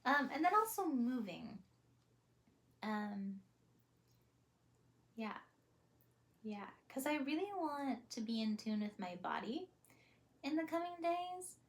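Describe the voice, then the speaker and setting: Slow, thoughtful young woman vlogging. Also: sits high, big pitch swings. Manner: soft, thoughtful, hesitant with fillers and small laughs. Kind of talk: reflective casual monologue.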